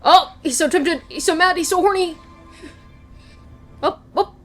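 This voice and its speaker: A young woman chatting casually in a TV recap vlog, gushing and animated, laughing and swearing often. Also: very high voice, unhurried, faint music behind. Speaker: recap vlogger. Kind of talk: casual chat, excited TV recap.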